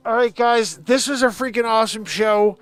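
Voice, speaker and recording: A man hosting a live improv comedy show, rambling with giggles and sudden shouted bursts. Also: very high voice, moderate pace, smooth, soft background music.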